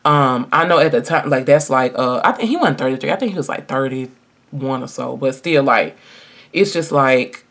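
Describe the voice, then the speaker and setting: A woman's voice: a bass voice, expressive, normal speed, a bit bright. A woman in her twenties telling a personal story in a casual get-ready-with-me video, chatty and emphatic, talking straight to her viewers. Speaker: vlogger.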